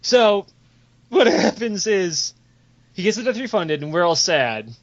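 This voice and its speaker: A young man telling a rambling, excitable story on a podcast, swearing a lot and acting out the voices. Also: sits high, measured pace, dry recording, lo-fi sound. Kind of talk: casual storytelling chat.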